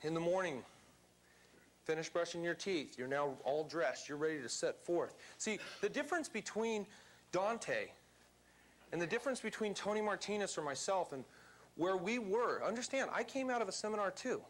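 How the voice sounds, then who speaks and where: A man's voice: high-pitched, expressive, moderate pace. A man giving a motivational seminar talk to a live audience in a seminar room, speaking emphatically and quizzing the crowd.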